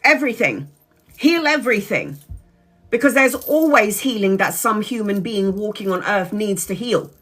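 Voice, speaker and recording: A woman in her forties gives a live tarot reading straight to her viewer. She talks bluntly and familiarly, with casual swearing, and her voice sits at an ordinary middle pitch. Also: expressive, moderate pace, fairly bright tone, soft background music. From Brazil. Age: 40s. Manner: frank, swears casually, direct address to viewer. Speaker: tarot reader.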